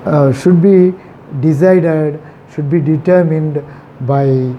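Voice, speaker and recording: A man teaching a grammar lesson, talking slowly and repeating the key words to stress them. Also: fairly high pitch, dark tone. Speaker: English teacher. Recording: slightly dull recording with faint traffic behind.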